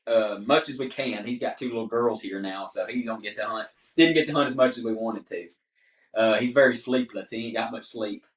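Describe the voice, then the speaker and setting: Man, 30s, lively podcast guest, mid-pitch, recorded off-mic in an echoey room. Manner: animated, laughs often, says "dude" a lot. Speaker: guest hunter. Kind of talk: casual storytelling on a podcast. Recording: roomy, distant mic.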